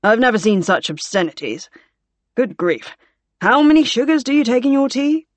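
A woman's voice: a little high, moderate pace, dry recording, pitched above the performer's own voice, natural voice. A woman reading the part of a wry, teasing male naval commander in an audiobook.

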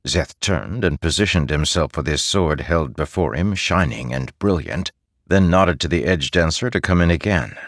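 A man narrating a fantasy audiobook in a measured, steady storytelling manner. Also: a bass voice, dry recording, clean studio sound.

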